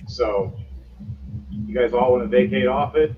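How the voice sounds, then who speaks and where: A man narrating as game master of a tabletop game in a relaxed, unhurried way, recorded distant in a roomy space with noise. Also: medium pitch. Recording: roomy, distant, dull, noisy.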